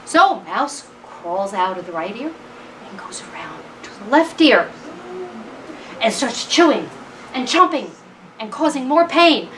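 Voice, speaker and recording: A woman telling a traditional animal tale to a live audience, in a slow, deliberate way with long pauses. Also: high voice, a bit bright, a little hiss or hum. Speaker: storyteller. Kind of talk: oral storytelling at a live concert. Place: event hall. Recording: distant mic at a live event.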